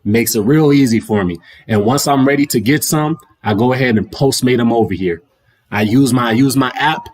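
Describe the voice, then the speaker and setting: On his livestream mic, this young man's medium-pitched voice sounds a little mellow and moves at a moderate pace. As host, he delivers a slangy, rambling rant that keeps returning to the same points.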